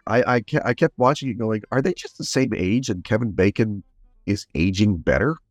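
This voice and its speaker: A man's voice: fairly low pitch, a little fast, no room sound, faint music behind. A man co-hosting a film podcast in casual chat, speaking bluntly and critically. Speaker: podcast co-host.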